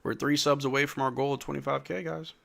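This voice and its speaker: A man's voice: mid-range voice, little pitch movement, fast talker, gravelly, a bit bright. A man hosting a live stream watch-along, calling plays casually and chatting with viewers in a drowsy, slangy way. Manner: laid-back, slangy, reads chat questions aloud. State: drowsy, yawning. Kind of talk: casual play-by-play and chat reading.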